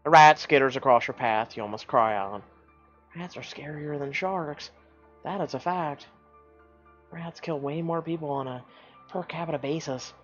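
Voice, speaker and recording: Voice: mid-range voice, normal speed, muffled recording, faint music behind. A streamer reading a story game aloud, breaking in with wry, sarcastic asides.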